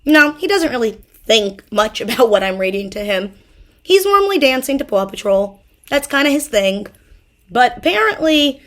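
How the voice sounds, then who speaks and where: A young woman hosting a mom podcast, ranting in an exasperated way, stumbling over repeated words and swearing. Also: a little high. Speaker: podcast host. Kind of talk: ranting monologue.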